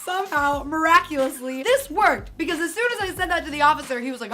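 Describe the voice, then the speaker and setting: A woman in her twenties telling a personal story in a chatty, animated way. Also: high-pitched, quick pace, hardly any pauses, slight background noise. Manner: animated, acting out quotes, chatty. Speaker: vlogger. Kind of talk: storytelling vlog.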